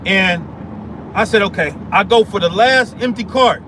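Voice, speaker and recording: A man tells a story in a heated, rambling way. He stumbles and repeats himself often. Traffic hums loudly behind him outdoors. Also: sits high, measured pace. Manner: heated, repetitive, restarts and stammers. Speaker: vlogger. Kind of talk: casual storytelling rant.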